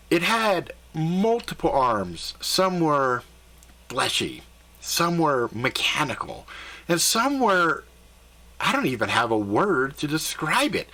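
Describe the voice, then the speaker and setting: A man telling a first-person story in a conversational, animated and slightly profane way. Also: medium pitch, slow pace.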